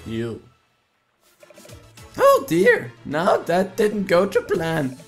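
A man's voice: sits high, very animated, slow, soft background music, voice pushed up, heavily acted. A man doing a folksy elderly blobfish. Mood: flirty. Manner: doddering, folksy, coquettish.

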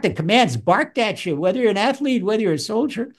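A man teaching Psalms as a rabbi, animated, acting out voices with wide swings in pitch. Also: brisk. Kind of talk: Torah lesson.

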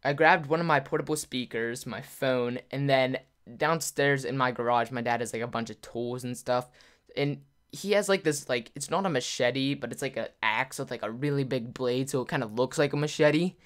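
A man's voice: mid-range voice, normal speed, a bit bright. Rambling young man telling a story. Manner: rambling, full of "like", laughs often. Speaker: YouTuber. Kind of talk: casual storytelling to camera.

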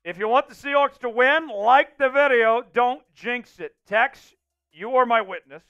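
A man hosting a livestream and calling the plays of a simulated football game, reading names from the chat and getting loud on big plays. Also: very high-pitched, unhurried, clean tone, dull audio, faint music behind. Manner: excitable, shouts out chat names and hypes touchdowns. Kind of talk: live play-by-play commentary.

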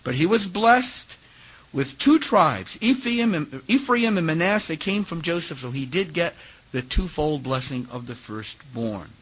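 A man in his fifties giving a sermon to a congregation, telling personal stories with animated ups and downs in his voice. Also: on the high side, a little slow, slightly rough, poor audio. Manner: animated storytelling, rising and dropping his voice. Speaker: preacher giving a talk.

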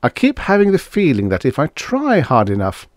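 A man's voice: a little high, huge pitch swings, normal speed, no room sound, studio quality, voice pushed up. A man reading a story aloud, voicing a puzzled, easygoing young man with a questioning lilt.

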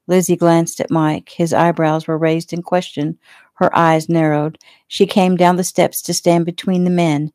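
A woman author reads her own novel aloud, casually and plainly, as if sitting in the room with you. Her voice is low and mellow. The recording is dry, with no room echo. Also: little pitch movement, unhurried. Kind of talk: casual audiobook reading.

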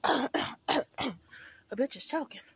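A teenage girl vlogging to her viewers on an outdoor walk, rambling, swearing freely and out of breath. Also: slow pace. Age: teens. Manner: rambling, profane, chatty, addresses viewers as y'all. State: out of breath while walking. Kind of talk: casual vlog talk to viewers.

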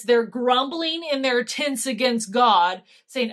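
A woman teaching a casual Bible study, retelling the story in a chatty, animated way with slang. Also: on the high side, unhurried, hardly any pauses.

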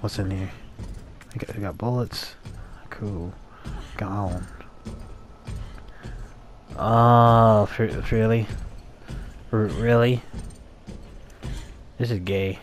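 A man's voice: fairly low pitch, darkish tone. A man commentating a horror game, muttering to himself and breaking into profane, panicky outbursts. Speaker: gamer playing a horror game. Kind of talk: let's play commentary.

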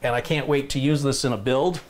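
A man's voice: medium pitch, steady tone, brisk, slight background noise. A man hosting a casual tech live stream, chatting enthusiastically with viewers. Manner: chatty, enthusiastic, reads viewer comments aloud.

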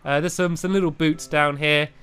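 Excitable high-voiced gamer man. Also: normal speed, clean tone. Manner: excitable, chatty, laughs often. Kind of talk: casual gameplay chat.

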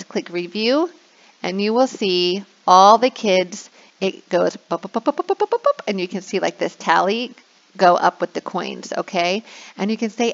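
A woman walks through how she runs an online classroom game, talking in a chatty, easygoing tutorial style. Her voice has a light gravelly edge. The recording sounds a little dull and lo-fi. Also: mid-range voice. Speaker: online English teacher. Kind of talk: tutorial walkthrough.

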